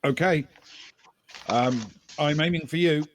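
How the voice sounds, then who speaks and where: A man narrating as game master of a tabletop role-playing game, telling the scene in a relaxed way with fillers and the odd chuckle. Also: a little high, takes it slowly, a little hiss or hum.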